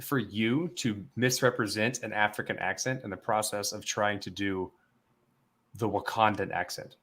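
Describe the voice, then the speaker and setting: A man's voice: fairly low pitch, steady tone, moderate pace, fairly bright tone. A man co-hosting a podcast from home, rambling in casual banter and laughing easily. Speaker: podcast co-host.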